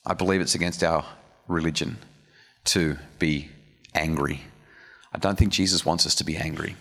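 A man with a very low voice preaches in a church hall, earnest and chatty, stopping to restart and speak to his listeners. His words ring out with the long echo of a large room. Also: steady tone, normal speed, vocal fry, a bit bright. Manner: earnest, conversational, with restarts and audience asides. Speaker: speaker giving a church message. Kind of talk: sermon.

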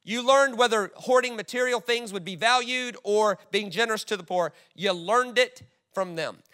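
A man's voice: high-pitched, moderate pace, pushed and bright, clear, resonant tone. A man preaching a sermon, emphatic and direct, reading scripture aloud to his congregation. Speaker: pastor.

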